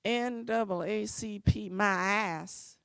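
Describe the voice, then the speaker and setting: A furious older woman lays into someone in a loud, slow, accusing tirade, as a woman acts her out. The voice has a gravelly edge and sounds close and dry. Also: medium pitch, no room sound.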